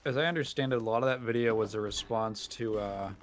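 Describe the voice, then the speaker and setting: A man's voice: mid-range voice, fast. A man casually chatting while playing a game on stream, rambling with frequent laughs. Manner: rambling, self-deprecating, laughs often. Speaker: gamer streaming with a friend. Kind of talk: casual chat. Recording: audible background noise.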